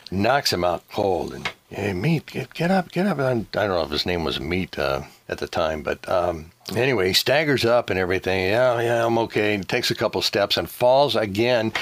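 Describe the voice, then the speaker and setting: An older man from the Seattle area tells stories in a low voice, trailing off and restarting as he goes. The recording is dry and close. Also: fairly bright tone, no room sound. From Seattle area, USA. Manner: rambling, with many restarts. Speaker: former radio DJ, guest. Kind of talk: casual storytelling interview.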